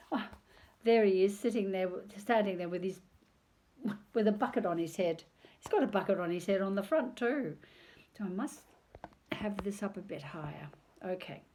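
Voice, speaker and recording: An older woman reading a picture book aloud on video, chatty and digressive, pausing to talk about the pictures. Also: mid-range voice, dark tone.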